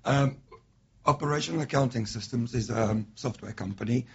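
A man with a gravelly, very raspy voice speaks as a radio interview guest, measured and explaining with fillers. The recording sounds dull and lo-fi. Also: mid-range voice. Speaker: guest, business owner.

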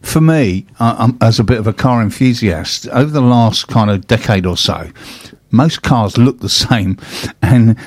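A man's voice: medium pitch, measured pace, hardly any pauses, no echo. A man hosting a casual chat, telling rambling stories with restarts and laughs. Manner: chatty anecdotes, frequent restarts and laughs. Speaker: host.

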